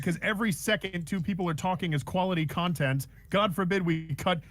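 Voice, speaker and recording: A man's voice: sits high, fast talker, few pauses, fairly bright tone. Sarcastic man co-hosting a podcast. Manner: sarcastic, joking, ranting. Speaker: podcast co-host. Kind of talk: casual chat.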